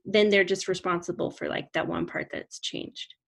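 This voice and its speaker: A young adult woman, a speech therapist co-hosting a podcast, speaking in an agreeable, measured way and often affirming her partner. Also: lowish voice, steady tone, vocal fry, fairly bright tone, husky. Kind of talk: casual podcast chat.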